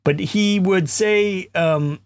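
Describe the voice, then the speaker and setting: A man's voice: high-pitched, slow pace, dry recording. A man co-hosting a podcast, casually telling rambling stories and laughing as he talks. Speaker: podcast co-host. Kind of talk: casual chat.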